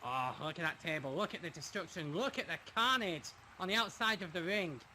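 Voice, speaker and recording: A man calling a wrestling match play by play, dramatic and quick to laugh. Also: a little high, lively intonation, pushed and bright, slight background noise. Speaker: play-by-play commentator.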